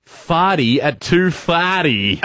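A man on a radio show, giggly and lively, chiming into the banter and reading ads. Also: fairly high pitch, slow, very noisy. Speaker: radio co-host.

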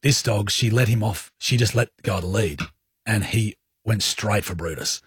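A man with an Australian accent hosting a radio show, telling stories with lively, acted-out quotes. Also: lowish voice, moderate pace, slightly rough, no echo, clean studio sound. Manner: animated storyteller, acts out his own lines. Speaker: radio host. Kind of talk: radio breakfast-show banter. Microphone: studio microphone.

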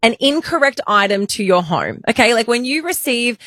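A woman's voice: a little high, big pitch swings, normal speed, a bit bright, no room sound, clean studio sound. Chatty self-mocking woman co-host. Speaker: podcast co-host. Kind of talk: casual chat.

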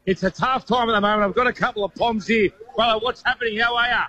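A man's voice: high voice, fairly even intonation, fast, bright, forceful tone, husky. A man with an Australian accent, a roving radio reporter bantering and joking down a phone line from outside a busy pub. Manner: laddish, joking. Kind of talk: casual banter over phone.

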